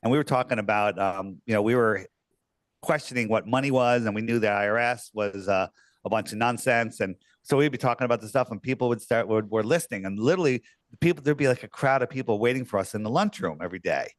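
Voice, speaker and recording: A man's voice: fairly low pitch, fast, no room sound. Rambling, storytelling male guest. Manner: rambling, lots of fillers and restarts. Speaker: podcast guest. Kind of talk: casual storytelling.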